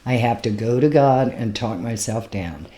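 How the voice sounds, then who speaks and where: Frank, self-mocking woman comedian, mellow voice. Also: extremely low pitch, expressive, normal speed. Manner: frank and self-mocking, with laughs between words. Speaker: stand-up comedian. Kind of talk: casual storytelling conversation.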